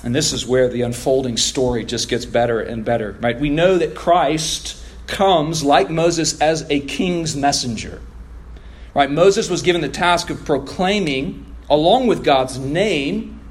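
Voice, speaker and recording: A man's voice: on the high side, a little slow. A man preaching an evening sermon to his congregation, reading scripture and stressing key words emphatically. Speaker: pastor.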